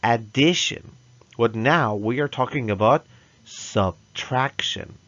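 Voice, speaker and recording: Slow, patient male math teacher. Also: mid-range voice, a bit bright, dry recording. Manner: slow, patient, coaxing with frequent "right?" checks; drills pronunciation, having children repeat words. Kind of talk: recorded classroom lesson for young children. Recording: dull, dry lo-fi recording.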